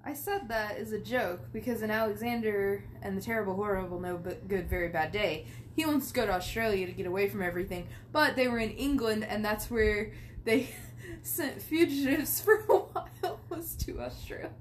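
A woman's voice: mid-range voice, normal speed, a little hiss or hum. A young woman co-hosting a podcast in casual chat, tossing in dry, laid-back quips. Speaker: podcast co-host, host's twin.

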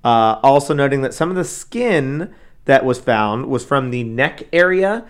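A man's voice: mid-range voice, animated, a little slow. A man co-hosting a casual true-crime chat, talking loosely with many fillers and asides. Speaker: podcast co-host.

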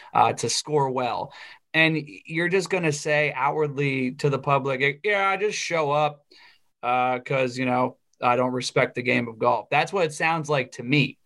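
Opinionated young man ranting casually. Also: medium pitch. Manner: opinionated, animated when ranting. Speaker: podcast co-host. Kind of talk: casual chat.

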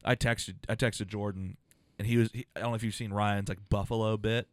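Comedian dude hosting a podcast, rambling stories, swears a lot, dry close sound. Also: male voice, on the low side, level tone, a little fast, dry recording. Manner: rambling storyteller, swears freely. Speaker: podcast host and stand-up comedian. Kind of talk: casual podcast chat.

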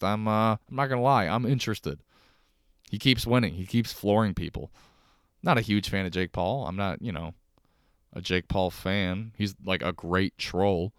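A young man with a Chicago accent hosts his podcast alone from his couch. His low voice is smooth and resonant, and the sound is close and dry with no room echo. He rambles and swears freely, poking fun at himself. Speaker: podcast host. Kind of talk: casual solo podcast rambling. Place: home, on a couch.

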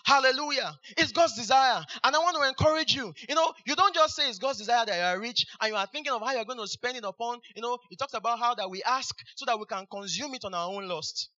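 Male pastor, very high and bright, hallelujah-heavy sermon delivery, on a dull lo-fi recording. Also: fast, hardly any pauses. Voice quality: frequent hallelujahs, repeats phrases for emphasis.

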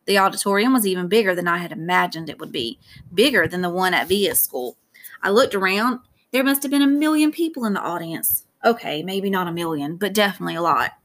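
A woman's voice: on the low side, lively intonation, a little fast, a bit bright. Woman reading an audiobook aloud. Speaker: audiobook narrator. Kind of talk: scripted narration.

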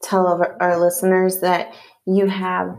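A woman's voice: on the low side, monotone, measured pace, crowd noise. Upbeat woman co-hosting a chat. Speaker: podcast co-host. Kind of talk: casual chat.

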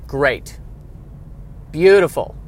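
A man's voice: on the high side, animated, very slow. A man hosting a solo podcast from his car, rambling in a wry, self-deprecating way. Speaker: podcast host. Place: in a car by a street.

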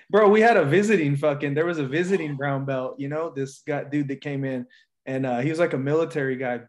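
A man co-hosting a casual podcast, telling stories in a profane, animated way. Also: on the high side, fairly quick. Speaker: podcast co-host.

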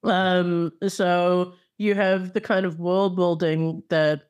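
A woman's voice: lowish voice, little pitch movement, takes it slowly, a little mellow, clean tone. A woman co-hosting a podcast, chatting casually and enthusiastically about television with playful asides. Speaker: podcast co-host. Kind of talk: casual chat.

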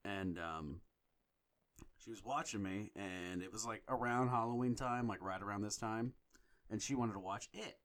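Lower-voiced man telling profane stories. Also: moderate pace. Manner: profane, animated storyteller. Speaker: podcast co-host. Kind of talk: casual chat.

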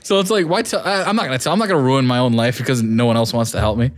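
A man's voice: medium pitch, very fast. A man in casual conversation who rambles and gets worked up, often restarting his sentences. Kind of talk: casual chat.

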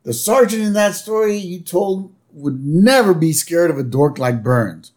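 Guy doing a bratty cocky little boy, pushy, a bit high. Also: lively intonation, unhurried, darkish tone. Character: cocky ten-year-old boy, rebellious.

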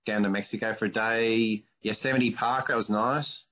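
A man's voice: fairly low pitch, steady tone, moderate pace, bright, forceful tone. A man in his forties with an Australian accent, hosting a casual podcast interview with blunt, crude teasing. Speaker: podcast host.

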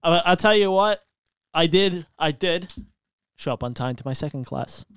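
Loud rambling man in his twenties. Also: expressive, moderate pace, clear, resonant tone, no echo. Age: 20s. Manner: loud, rambling and profane, with sudden jumps in pitch. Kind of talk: casual chat.

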